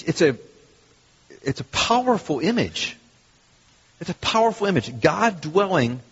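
A man preaching a sermon as a pastor, animated and fond of rhetorical questions and repeated phrases. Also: fairly high pitch, slightly rough. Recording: long hall reverb, dull lo-fi sound.

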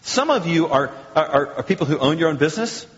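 A male pastor giving a sermon, with lively rhetorical questions and acted quotes. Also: a little high, fast talker. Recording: muffled sound with long hall reverb.

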